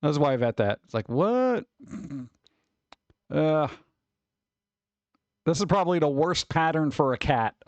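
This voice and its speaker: Male streamer, higher-pitched, rambling casual chat, dry sound. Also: animated, slow pace, long pauses, dry recording, highs cut off. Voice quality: scratchy vocals at times. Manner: rambling, wry, reacts to chat and pictures.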